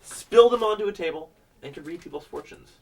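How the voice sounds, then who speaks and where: A man's voice: fairly high pitch, animated, fairly quick. A young man hosting a comic interview, asking absurd questions in a dry, mock-serious manner. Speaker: student interviewer.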